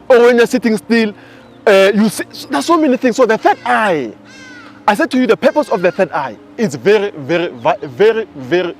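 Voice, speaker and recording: South african guy in his 20s, pretty high voice, telling stories all animated, soft music behind. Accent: South African English. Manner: animated storyteller. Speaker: spiritual teacher. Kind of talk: casual spiritual teaching talk.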